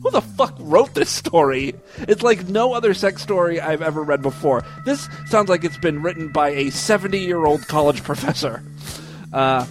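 A man's voice: on the high side, expressive, moderate pace, over music. A man hosting a podcast, reading tweets and a story aloud with irreverent commentary and laughter. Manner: irreverent, laughs at own material. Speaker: podcast host.

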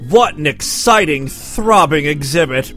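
A man's voice: fairly high pitch, lively intonation, a little slow, sharp tone, soft background music. A man hosting a show, reading odd news stories aloud with sarcastic jokes, stumbling over foreign names. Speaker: podcast host.

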